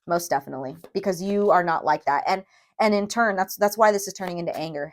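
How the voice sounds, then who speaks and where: Woman tarot reader, mid pitch, emphatic and emotional, talks straight to camera. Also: animated, brisk. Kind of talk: tarot reading.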